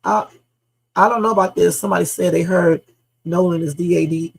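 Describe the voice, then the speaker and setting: A woman's voice: on the low side, steady tone, fairly quick, creaky, breathy edge, rough recording. A woman hosting a live reaction stream, speculating emphatically with casual slang and repeating her points. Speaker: livestream host.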